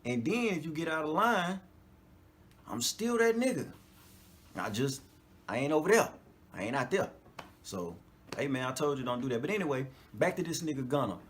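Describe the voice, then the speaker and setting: A fairly high-voiced man riffs through a loose podcast monologue, swearing freely and laughing between points. He keeps asking whether the listener is following him and often jumps up in pitch when he gets worked up. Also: moderate pace, long pauses, slight background noise. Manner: animated, profane, laughs often, frequent "you know what I'm talking about". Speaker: podcast host. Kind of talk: casual monologue.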